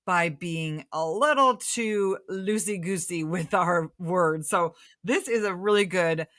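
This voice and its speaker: Woman podcast host, bright tone, casual measured interviewer, dry sound. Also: on the low side, dry recording. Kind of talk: interview question.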